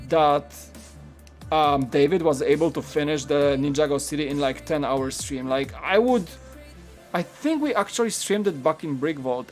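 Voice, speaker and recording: Man, Polish accent, slightly high voice, relaxed rambling live-stream chat, lots of fillers, faint background music. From Poland. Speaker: live-stream host building a toy set. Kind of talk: casual live-stream chat while building.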